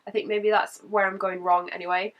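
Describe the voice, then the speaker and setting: A woman talks through a casual vlog update, her voice croaky from a cold. She is chatty and laughs between points. She sits a little back from the microphone, so her voice sounds slightly distant. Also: medium pitch, level tone, fairly quick, dull audio. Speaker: vlogger.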